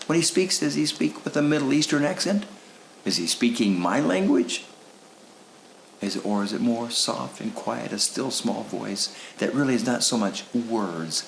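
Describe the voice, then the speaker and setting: A man's voice: lowish voice, vocal fry, echoey room, slight background noise, low-quality recording. A male pastor preaching a sermon in a conversational way, asking rhetorical questions. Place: church sanctuary.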